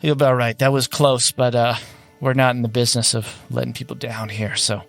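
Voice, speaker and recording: Man as calm reassuring crewman, tabletop game. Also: medium pitch, fairly quick, creaky, soft background music.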